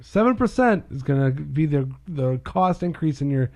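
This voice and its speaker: Male co-host, gravelly and animated, fairly high voice for a man. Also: normal speed. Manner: animated, gets loud and lively telling jokes. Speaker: podcast co-host. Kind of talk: casual chat and joke telling.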